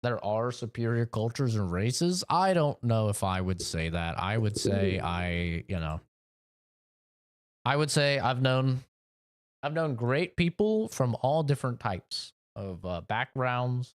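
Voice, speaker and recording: A man talking off the cuff to his chat while he plays, his pitch sitting in an ordinary middle range. He rambles, circles back on his points and fills pauses with "you know". He gets blunt and curses when the game trips him up. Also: sing-song. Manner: rambling and opinionated, fillers like "you know", swears. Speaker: game streamer.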